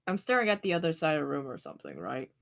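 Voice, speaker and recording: A woman playing a tabletop horror game, swearing and asking quick questions. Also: low-pitched, wildly swooping pitch, creaky, slight background noise. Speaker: player. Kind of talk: casual game chat.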